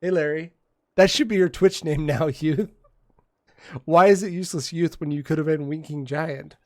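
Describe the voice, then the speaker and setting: A man's voice: fairly high pitch, normal speed, dry recording. A man streaming a game, casually reading its dialogue aloud and joking with viewers between lines, on a close desk mic at home. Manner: casual, joking, reads text aloud with asides.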